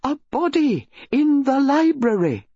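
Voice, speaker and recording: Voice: high-pitched, big pitch swings, measured pace, mellow, dry recording, voice pushed up, exaggerated voice. A reader voicing an insistent upper-class English wife who speaks urgently and firmly, in a dull lo-fi storybook recording. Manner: urgent, firm.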